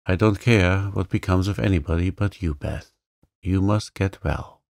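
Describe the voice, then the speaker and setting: A man's voice: low-pitched, normal speed, gravelly, darkish tone, dry recording, clean studio sound. A man voicing a passionate, headstrong young woman who speaks earnestly and pleadingly to her sister.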